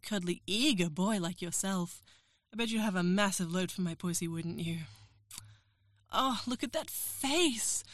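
A woman's voice: medium pitch, no room sound, studio quality. A woman performing an erotic audio role-play as a professor, teasing, coaxing and giving orders.

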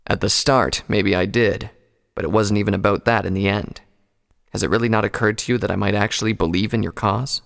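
Reserved, loyal stallion soldier, sincere and low-key, fairly low voice, read by a man. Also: fairly even intonation, brisk, vocal fry. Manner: quiet, plain, sincere. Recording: long hall reverb.

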